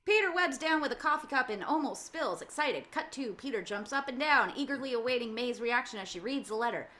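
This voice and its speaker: A woman narrating the action description in a fan table read of a film script, reading briskly and matter-of-factly. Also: sits high, expressive, bright, forceful tone.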